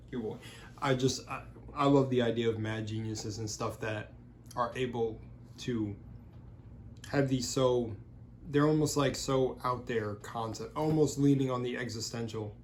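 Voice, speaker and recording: A man's voice: medium pitch, unhurried, a little mellow, a little hiss or hum. A young man vlogging over a meal, rambling loosely with plenty of fillers and the odd curse word. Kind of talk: casual rambling monologue while eating.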